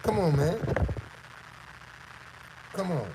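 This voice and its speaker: A man's voice: high voice, animated, extremely slow, gravelly, background noise. A man from the Southern United States with a Southern accent, hosting casual commentary on a clip; he talks emphatically, repeats phrases and throws out rhetorical questions. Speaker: host.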